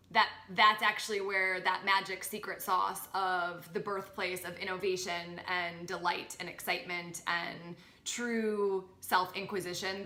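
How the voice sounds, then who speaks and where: A woman talking as a podcast guest about spiritual growth, animated and expressive, acting out her inner voices. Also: fairly low pitch, echoey room. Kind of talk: spiritual coaching conversation.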